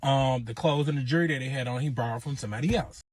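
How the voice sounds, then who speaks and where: A man telling his own relationship story in casual, animated storytime style, acting out quotes. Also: medium pitch, very fast, slightly rough, no echo. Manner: animated, acts out quotes in raised voice.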